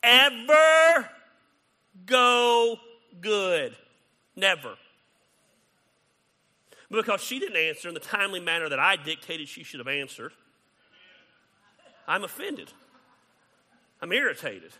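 A man preaching a sermon as pastor, conversational and animated, acting out quoted exchanges. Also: on the high side, normal speed, pauses often, in a large hall.

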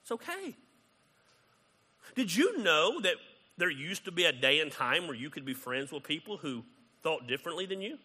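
A man preaching a sermon as pastor, conversational and animated, acting out quoted exchanges. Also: a little high, normal speed, long pauses, husky, big-room sound.

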